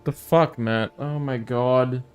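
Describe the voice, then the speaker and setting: A man's voice: medium pitch, slow pace, clear, resonant tone, highs cut off, faint music behind. A man giving casual commentary while playing a game, exasperated and swearing to himself. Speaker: gamer streamer.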